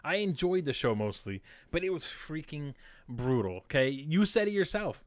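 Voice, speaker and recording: A man's voice: fairly high pitch, very animated, moderate pace, dry recording. A man co-hosting a casual podcast, ranting in a heated, exasperated way. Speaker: podcast co-host.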